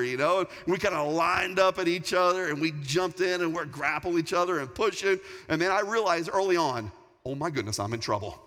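A man in his forties, a pastor, preaching a sermon with animated, emphatic storytelling. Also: a little high, fairly quick. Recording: long hall reverb.

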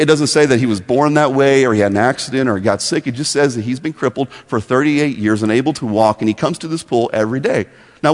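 Guy teaching a bible story, animated, stutters on starts, slightly high voice, echoey hall. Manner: animated, repeats words at starts. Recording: long echoey hall reverb.

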